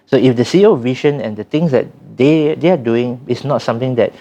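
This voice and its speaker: A man's voice: mid-range voice, brisk, dark tone, highs cut off. A man, co-hosting a podcast and explaining careers in a thoughtful way, often restarting his sentences. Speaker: podcast co-host, data science trainer. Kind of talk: casual podcast chat.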